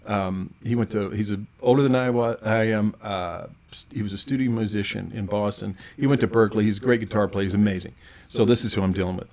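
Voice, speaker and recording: A middle-aged man, a podcast guest, telling lively anecdotes in casual conversation and often restarting his sentences. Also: lowish voice, fast. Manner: animated anecdotal storyteller with frequent restarts. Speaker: podcast guest, actor and writer. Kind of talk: casual storytelling interview.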